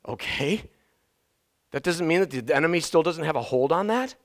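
A man preaching a sermon as pastor, animated, swinging from soft asides to loud outbursts and getting out of breath. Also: fairly high pitch, moderate pace. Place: church sanctuary.

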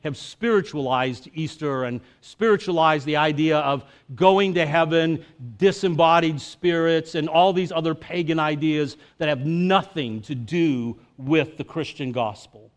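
A man's voice: on the high side, a little slow, few pauses. A male preacher giving a sermon in a casual, conversational way, with jokes and filler words.

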